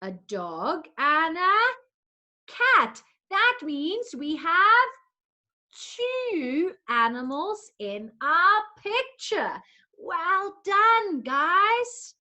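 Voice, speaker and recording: A woman's voice: extremely high pitch, big pitch swings, very slow, pushed and bright, dull audio. A woman teaching a lesson to young children in a coaxing, sing-song way, making animal sounds along the way.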